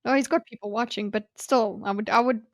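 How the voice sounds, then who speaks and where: A woman co-hosting a casual book club discussion, animated and quick to joke and pick apart plot holes. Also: on the high side, creaky, no room sound, studio quality.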